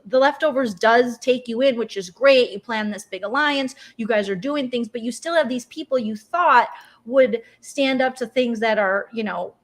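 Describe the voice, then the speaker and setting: Effusive woman with a higher voice. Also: normal speed. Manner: effusive, emotional, gushing. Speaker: guest co-host. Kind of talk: casual recap chat.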